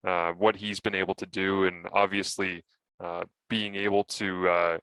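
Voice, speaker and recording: A man co-hosting a casual sports podcast, telling animated stories and acting out his own broadcast lines. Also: low voice, measured pace, clear, resonant tone, no echo. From Canada.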